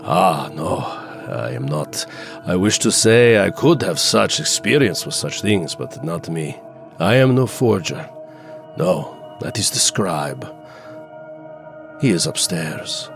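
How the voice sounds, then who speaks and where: A man's voice: deep voice, sing-song, slow, vocal fry, pitched below the performer's own voice, heavily acted. A man voicing an unsettling male dressmaker who talks in a stiff, formal way, over background music. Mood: eerie. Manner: stiff formal phrasing, soft and creepy.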